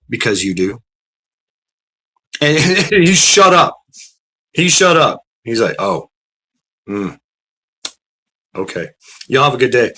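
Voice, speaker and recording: Bright-voiced man rambling. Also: a little high. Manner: profane, rambling, repeats words. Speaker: storyteller. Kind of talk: casual storytelling.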